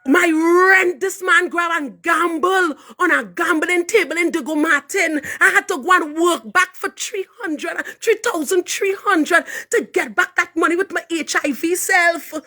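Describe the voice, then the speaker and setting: A woman with a Trinidadian accent who is a minister, giving an impassioned live testimony with fervent, preaching delivery that rises to shouts. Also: extremely high pitch, unhurried, hardly any pauses. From Trinidad and Tobago. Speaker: minister and hairdresser.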